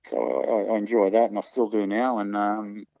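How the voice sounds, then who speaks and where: A man reminiscing about his football days in a casual interview, halting often with ums and false starts. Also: lowish voice, expressive, creaky, dark tone, no room sound. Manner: hesitant, many ums and restarts. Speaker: interviewee, former soccer player. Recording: dull, muffled recording.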